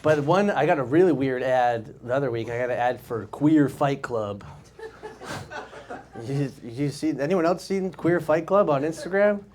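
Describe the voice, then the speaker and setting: A man's voice: mid-range voice, moderate pace, a little mellow. A man, performing a casual stand-up set in a comedy club and laughing at his own jokes. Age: 20s. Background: audience laughter.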